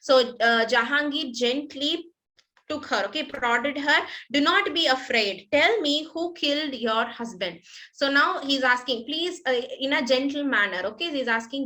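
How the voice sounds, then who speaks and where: A woman's voice: high-pitched, unhurried, bright, forceful tone. A woman teacher, retelling a story to a class and explaining each part simply, with many fillers.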